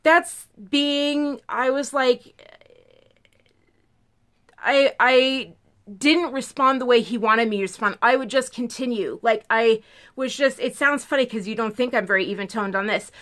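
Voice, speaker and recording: A woman's voice: fairly high pitch, measured pace, fairly bright tone. A woman vlogger telling a story in a casual, emphatic way, full of "like". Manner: chatty, peppered with "like", emphatic.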